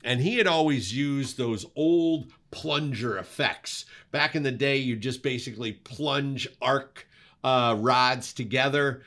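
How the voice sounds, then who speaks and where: A man co-hosting a podcast, telling a work story in an animated way and acting out the sounds. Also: medium pitch, slow. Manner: animated, makes sound effects while telling stories. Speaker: co-host, cinematographer. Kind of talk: casual storytelling.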